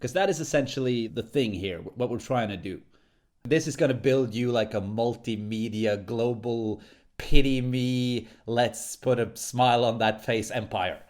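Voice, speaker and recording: A man's voice: medium pitch, moderate pace, a little mellow. A young man co-hosting a casual chat show, joking with his friend in dry, teasing banter. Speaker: podcast co-host.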